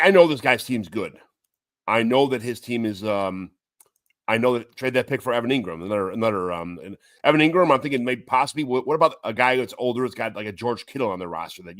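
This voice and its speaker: A man's voice: mid-range voice, a bit bright, no room sound, studio quality. A man co-hosting a casual sports podcast, rambling with stumbling restarts and the odd swear word. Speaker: podcast co-host. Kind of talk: casual chat.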